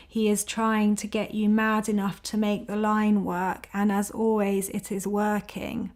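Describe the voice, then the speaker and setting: A woman giving a spoken-word performance reading, in a flat, measured second-person recitation. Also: mid-range voice.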